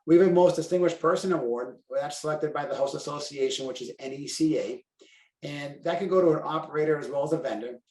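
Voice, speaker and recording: A man's voice: on the high side, fast talker, a little mellow, distant mic. A man with a Boston accent talks through a podcast in a loose, rambling way, full of fillers and restarts. His voice sits a little away from the mic and bounces around a roomy space. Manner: chatty, self-deprecating, talks in run-on sentences with fillers. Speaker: carwash operator and convention co-chair. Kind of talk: casual podcast chat.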